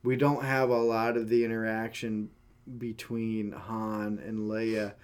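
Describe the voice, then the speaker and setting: A man's voice: fairly low pitch, level tone, takes it slowly, clean tone. Male co-host, casual rambling talker, filler-heavy, teasing. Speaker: podcast co-host. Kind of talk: casual chat.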